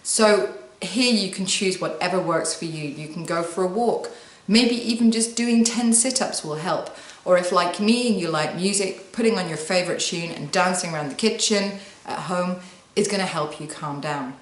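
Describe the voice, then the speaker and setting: Calm woman coaching in an echoey room. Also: fairly low pitch, normal speed. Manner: calm, soothing instructions with guided breathing. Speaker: wellbeing coach. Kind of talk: guided self-help talk to camera.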